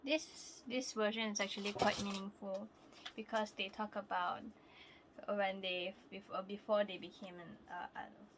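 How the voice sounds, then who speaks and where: A young woman vlogging casually while unboxing albums, excitable and prone to laughing squeals. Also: mid-range voice, moderate pace, background noise.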